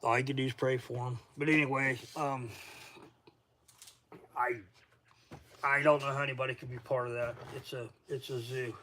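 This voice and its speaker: A man's voice: mid-range voice, flat delivery, normal speed, pauses often, sharp tone. A middle-aged man from Florida with a Southern accent, tired, chatting casually in a rambling way on a livestream from his garage workshop, greeting viewers by name. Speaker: outdoor livestream host.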